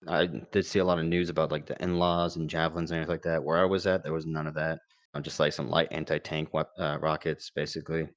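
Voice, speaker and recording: A man's voice: rumbling low, level tone, quick pace, no echo. A young man, a former Marine medic, telling war stories casually, rambling with fillers and quoted dialogue. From United States. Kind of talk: casual storytelling interview.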